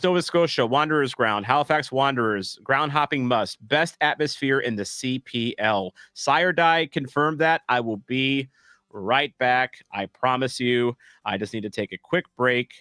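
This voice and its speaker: A man's voice: mid-range voice, lively intonation, normal speed, pushed and bright, dry recording, clean studio sound. A man streaming a soccer watch-along, chatting casually with chat in a rambling, self-deprecating way full of fillers and restarts. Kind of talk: casual live-stream chat reading comments.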